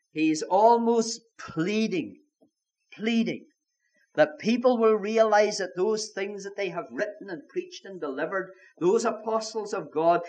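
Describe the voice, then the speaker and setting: A man's voice: high voice, fairly bright tone. A man preaching a sermon with emphasis, repeating his key phrases.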